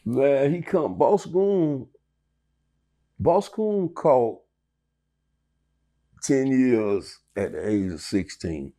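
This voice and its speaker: A man's voice: medium pitch, expressive, extremely slow, pauses often, warm tone. A middle-aged man telling his life story in an interview, profane and rambling with many restarts. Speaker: interview guest.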